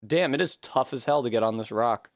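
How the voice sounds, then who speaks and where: A woman streaming a video game, talking casually and profanely, rambling between tangents and breaking into high yelps and shrieks when things go wrong. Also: a little fast, no echo, studio quality. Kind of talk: casual live-stream commentary while gaming.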